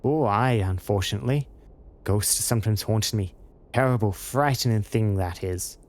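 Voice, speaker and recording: A man's voice: fairly low pitch, normal speed, darkish tone, natural voice. A man reading the lines of a nervous, evasive retired thief in a game. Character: shifty retired male thief.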